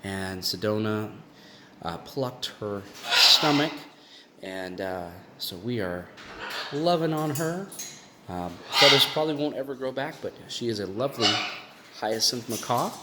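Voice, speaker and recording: A man walking through the bird room in his house. He gives a casual vlog tour with lots of fillers and restarts, and coos at his birds in high baby talk. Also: expressive, unhurried. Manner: chatty, with many fillers and restarts. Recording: constant room noise with clicks.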